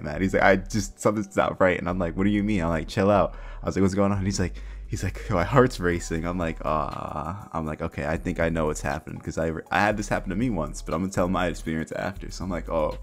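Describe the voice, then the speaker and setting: Deep-voiced young man telling a rambling story. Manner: rambling, slangy, retelling with quoted dialogue. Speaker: storyteller vlogger. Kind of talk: casual storytime.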